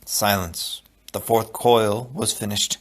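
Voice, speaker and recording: A man reading a novel aloud as audiobook narrator, telling the story expressively and dropping low for asides. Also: steady tone, slow pace. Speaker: audiobook reader.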